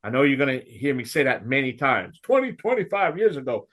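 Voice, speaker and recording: Animated Cajun man ranting on radio. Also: fairly high pitch, brisk, hardly any pauses. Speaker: radio show host. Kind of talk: radio talk show banter.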